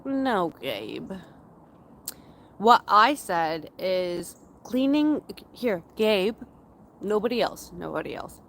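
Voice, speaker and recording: A woman in her thirties from Canada, casually chatting with her livestream viewers in a slow, rambling way, with a runny nose. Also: medium pitch, very animated, creaky, a bit bright, slight background noise. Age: 30s. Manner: slow, rambling and chatty, with frequent fillers and laughs. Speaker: livestream host. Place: outdoors in a forest area.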